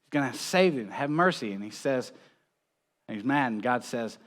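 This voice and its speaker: A man's voice: mid-range voice, expressive, moderate pace, a bit bright. A man preaching a conversational sermon in a church, telling stories with small chuckles and often checking in with "right?". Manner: chuckles between points. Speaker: pastor.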